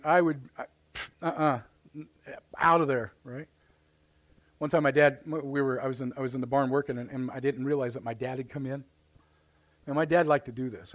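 During a live service in a church sanctuary, a Midwestern pastor preaches in a folksy storytelling style, acting out voices and exclamations. His medium-pitched voice stays fairly even, moving at a moderate pace with long pauses.

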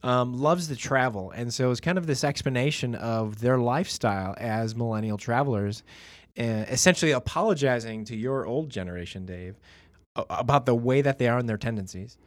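A man's voice: medium pitch, fairly quick, no room sound. A young adult man co-hosting a casual podcast discussion, agreeable and chatty, with many fillers. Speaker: podcast co-host.

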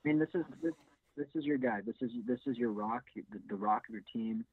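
A man's voice: mid-range voice, a little fast, breathy edge, dry recording. A man co-hosting a casual sports podcast, hesitant with many fillers and restarts. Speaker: podcast co-host. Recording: tinny phone-like sound.

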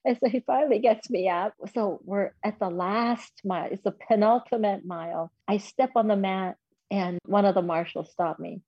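A woman's voice: medium pitch, moderate pace, husky, dry recording, muffled recording. A woman in her fifties telling a personal story in an interview, candid and self-deprecating. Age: 50s. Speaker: guest.

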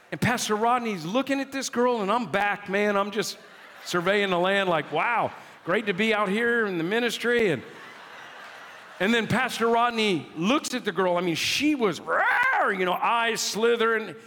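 A man preaching a sermon as a pastor, telling a story in an animated, exclaiming, dramatic way. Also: sits high, moderate pace, a little hiss or hum. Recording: long hall reverb.

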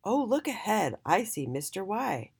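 A woman's voice: mid-range voice, sing-song, unhurried, vocal fry, a little mellow, husky, voice pushed up, exaggerated voice. A woman voicing the P twins, a pair of sweet, lonely talking letters in a children's storybook. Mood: eager. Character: sad lonely twin letters, sweet and eager.

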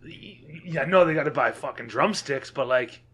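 A man hosting a casual chat, easygoing and quick to laugh along. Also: mid-range voice, fairly bright tone, husky.

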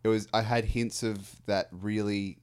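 A man's voice: lowish voice, level tone, a little slow, clean tone. A man, co-hosting a casual film review chat and rambling through his thoughts with restarts and fillers. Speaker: podcast co-host.

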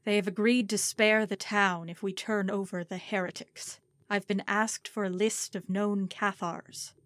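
A woman voicing a grave male bishop who speaks in a measured way. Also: mid-range voice, fairly even intonation, a bit bright, no room sound, studio quality, close to an everyday voice.

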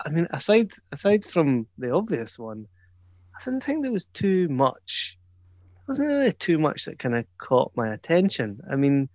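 A man in a casual podcast chat, low-key and repeating his words. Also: dry recording, dull audio. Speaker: podcast co-host.

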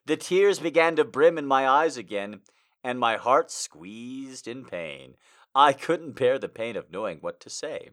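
A man's voice: mid-range voice, animated, unhurried, a bit bright. A man reading amateur fiction aloud for laughs, mock-dramatic and sarcastic, with crude swearing asides. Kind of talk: comedic reading with mocking asides.

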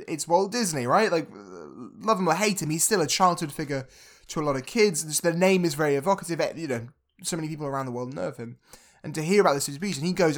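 Man casually retelling a film plot. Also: a little high. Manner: retells scenes, acting out quotes in a softened voice. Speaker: podcast co-host. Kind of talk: casual film recap chat.

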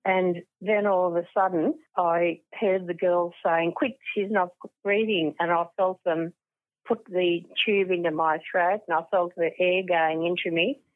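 An older woman, an interview guest, telling a personal story in a halting way with many restarts. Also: on the low side, steady tone, dry recording. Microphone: phone. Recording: tinny phone line.

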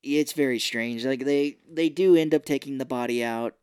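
A podcast co-host chatting casually through a movie recap at a middle pitch, jumping into quick put-on voices for the characters. The sound is close and dry, with no room around it. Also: darkish tone, clear, resonant tone, no echo. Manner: retells scenes, acting out characters' lines in quick put-on voices.

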